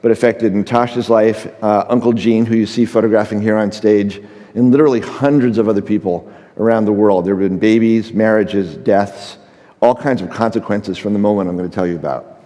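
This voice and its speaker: A man's voice: on the low side, steady tone, brisk, mellow, in a large hall. A middle-aged man, a photographer speaking on a conference stage, tells an anecdote and acts out the dialogue, with frequent fillers. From United States. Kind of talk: storytelling talk on stage. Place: large conference stage before an audience.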